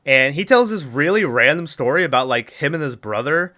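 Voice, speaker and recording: A man's voice: on the high side, animated, fairly quick, sharp tone. A man hosting a podcast, casually retelling a movie's plot and acting out the characters' lines with laughs. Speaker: podcast host.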